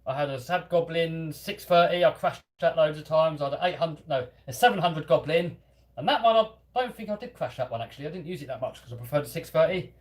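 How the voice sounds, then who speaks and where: A man's voice: a little high, expressive, brisk. A man with a light London-area English accent, chatting casually and self-deprecatingly as he hosts a live stream and answers viewer comments. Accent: London-area English, lightly Cockney. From England. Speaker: host of a hobby channel live stream.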